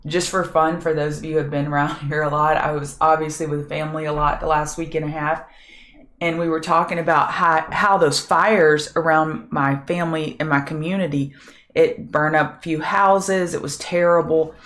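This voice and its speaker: A woman's voice: sits low, steady tone, moderate pace, fairly bright tone. A middle-aged woman hosting a live market prep show, chatting with viewers and thinking aloud over charts, her voice a bit scratchy. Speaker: trading show host.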